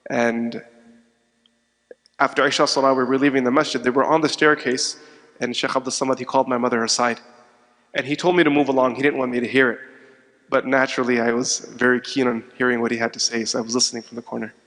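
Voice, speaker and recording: A man's voice: mid-range voice, level tone, quick pace, a bit bright. A middle-aged man tells a personal story in a religious lecture, speaking earnestly and reflectively. His voice sits in a middle register. The sound carries a long reverb, as in a large hall. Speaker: Islamic lecturer.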